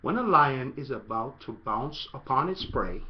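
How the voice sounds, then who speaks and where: A man coaching soccer in a casual video tutorial, playful and animated, breaking into loud shouts. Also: medium pitch, normal speed, hardly any pauses, over a noisy crowd, heavy background noise.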